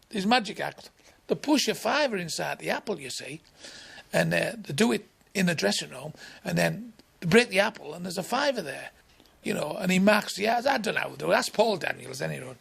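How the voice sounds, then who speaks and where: A man's voice: high voice, expressive, normal speed, vocal fry, fairly bright tone, husky. A man in his sixties with a Northern English accent, a comedian telling a bawdy, sweary anecdote and acting out the other people's lines. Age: 60s. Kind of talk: anecdotal storytelling.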